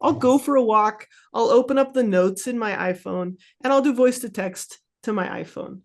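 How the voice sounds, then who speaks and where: A woman's voice: a little high, normal speed. A woman therapist being interviewed, explaining in a chatty, casual way with plenty of fillers and easy laughs. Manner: chatty, lots of "like", laughs easily. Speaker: therapist guest.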